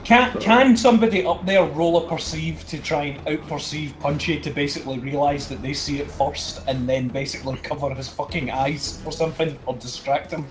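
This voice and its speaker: A man's voice: a little high, moderate pace, few pauses, crowd noise. A man playing a tabletop game, talking brashly and swearing a lot. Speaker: player. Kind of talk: casual tabletop game chat. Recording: roomy echo with music.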